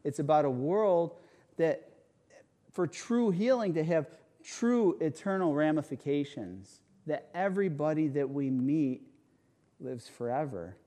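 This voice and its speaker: A man preaching a conversational sermon, telling a personal story with animated rhetorical asides. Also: on the high side, unhurried. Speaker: pastor.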